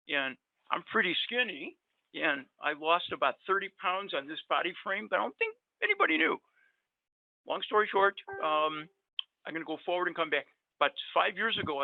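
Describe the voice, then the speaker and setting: A guest dentist, a man in middle age, chats casually while telling lengthy, rambling stories from his own life, peppered with fillers. His pitch is fairly high with some vocal fry, there's no echo, and the sound comes through a dry, tinny, phone-like line.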